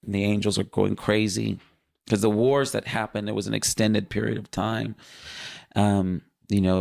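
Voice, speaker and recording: A man's voice: sits low, gravelly, no room sound, clean studio sound. A man earnestly recounting a vivid spiritual vision in casual spoken testimony. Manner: earnest, vivid storytelling with fillers.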